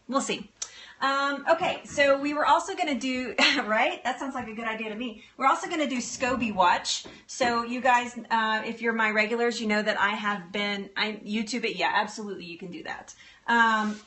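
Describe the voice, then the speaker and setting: A woman's voice: a little high, pushed and bright. A middle-aged woman hosting a casual live stream, bubbly and giggly as she answers viewer comments. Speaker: livestream host.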